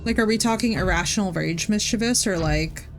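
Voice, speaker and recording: A woman's voice: mid-range voice, brisk, over music. A woman from New Jersey chatting with her viewers by name during a live gaming stream. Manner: chatty, talks to chat by name.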